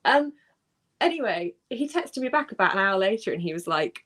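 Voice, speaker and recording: Co-hosting a livestream, a woman tells a funny story in casual chat, her lively anecdotes broken up by frequent laughter. She speaks in a mid-range voice at normal speed.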